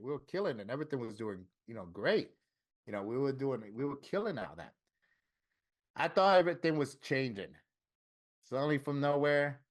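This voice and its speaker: A middle-aged man from Florida, a tattoo artist interviewed about his life, telling his story candidly with plenty of swearing and lively quoted dialogue. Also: on the low side. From Florida, USA.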